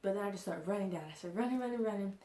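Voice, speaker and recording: A woman's voice: mid-range voice, racing, warm tone. Rambling young woman telling a story. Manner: rambling, full of "like" and "you know". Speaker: vlogger. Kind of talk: casual storytime. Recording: echoey room.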